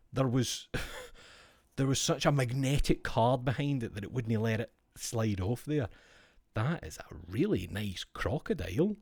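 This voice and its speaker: A man's voice: medium pitch, vocal fry, darkish tone, breathy edge, no room sound, studio quality. A man with a Scottish accent, a streamer chatting casually and musing aloud to himself while opening card packs, swearing freely.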